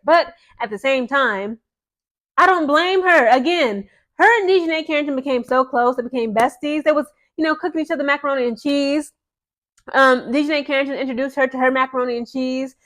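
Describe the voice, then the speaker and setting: Woman sports vlogger, high voice, slangy and emphatic, talks straight to camera. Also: brisk. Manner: animated, chatty, slangy and emphatic. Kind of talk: casual opinion commentary to camera.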